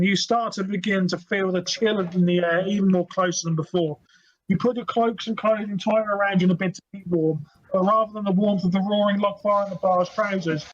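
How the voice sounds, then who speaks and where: A man narrating as game master for a tabletop game, relaxed and chatty. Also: sits high, muffled recording, slight background noise.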